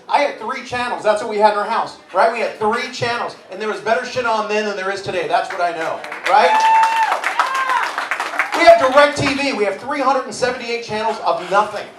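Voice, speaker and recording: A man in his forties doing crude live stand-up in a pub, telling punchy stories. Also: high voice. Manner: brash, crude storytelling with punchy one-liners. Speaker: stand-up comedian. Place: pub stage in front of a live audience. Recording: distant echoey pub room with crowd laughter. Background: audience laughter and bar ambience.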